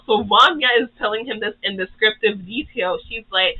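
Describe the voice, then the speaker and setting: Rambling YouTuber on tinny audio. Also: moderate pace. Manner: rambling, full of "like" and "you know"; briefly acts out characters' lines in higher pitch. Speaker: YouTuber recapping a cartoon series. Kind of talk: casual rambling recap.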